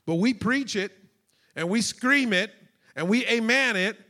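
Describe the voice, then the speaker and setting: Very high, bright-voiced preacher man. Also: lively intonation, a little slow. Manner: emotional, swings into shouting, acts out voices. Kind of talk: sermon.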